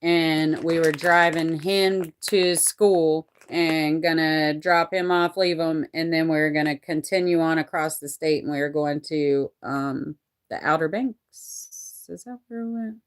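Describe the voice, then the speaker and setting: Low-voiced woman telling a candid story. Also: steady tone, a little slow. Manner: rambling and candid, with frequent profanity and restarts. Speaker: vlogger telling a personal story.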